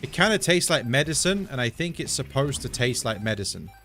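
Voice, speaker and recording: A man's voice: medium pitch, sing-song, fairly quick, bright, forceful tone, soft background music. An English man chatting casually and digressively to viewers while streaming a video game. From England. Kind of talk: casual live-stream chat while gaming.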